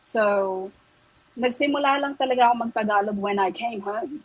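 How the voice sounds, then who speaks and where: A woman in her fifties with a mixed British and Australian accent, telling stories as a podcast guest in a chatty, animated way and laughing often. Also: a little high, moderate pace, poor audio. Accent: mixed British and Australian English. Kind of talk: casual chat, switching between English and Tagalog.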